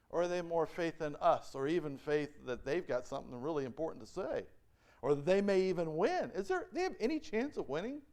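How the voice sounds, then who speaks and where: In church, a male pastor with a high, darkish-toned voice preaches a sermon and reads scripture aloud. He frequently puts questions to the congregation and acts out the voices of those he quotes.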